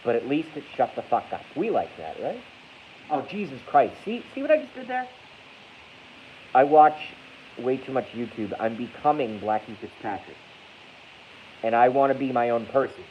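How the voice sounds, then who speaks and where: A man's voice: mid-range voice, animated, moderate pace. A man rambling casually on a livestream, joking crudely, mocking himself and reading out chat comments. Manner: crude, joking, self-deprecating, reads chat aloud. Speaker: livestream host. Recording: dull lo-fi stream audio with faint hiss.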